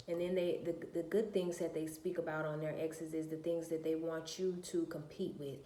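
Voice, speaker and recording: A woman's voice: low voice, fairly even intonation, moderate pace, mellow. A woman, venting bluntly and profanely to her viewers in a casual rant. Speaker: vlogger. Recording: echoey room.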